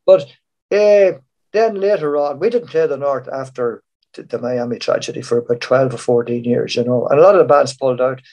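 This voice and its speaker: A retired Irish showband musician, now older, rambles through stories of his time on the road during an online panel discussion. He speaks a little fast, in a medium-pitched voice with a darkish tone.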